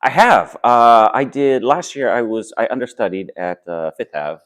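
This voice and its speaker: A man who acts on stage answers interview questions in a relaxed, thoughtful way, pausing often with fillers and restarting his sentences. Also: mid-range voice. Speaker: stage actor.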